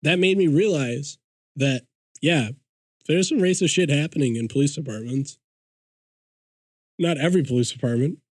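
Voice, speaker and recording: This podcast guest's voice leans high, his speed is normal, and he leaves long pauses as he tells a story. He curses freely and dramatizes what people said in a casual chat, on a dry recording.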